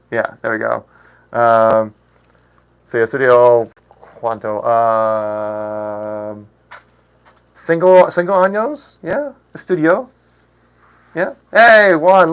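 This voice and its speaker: A man in his late thirties talks casually to his live chat at a middle pitch. He laughs easily and pauses often, feeling his way through phrases in other languages. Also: fairly bright tone, clear, resonant tone, low-quality recording. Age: 30s. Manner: chatty, laughs often, halting attempts at foreign words. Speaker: livestream host.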